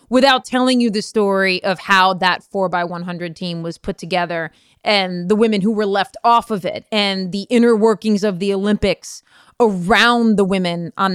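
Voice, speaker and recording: A woman co-hosting a podcast in a casual, chatty chat, enthusiastic and quick to laugh. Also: medium pitch, clean tone, no room sound, studio quality. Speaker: podcast co-host.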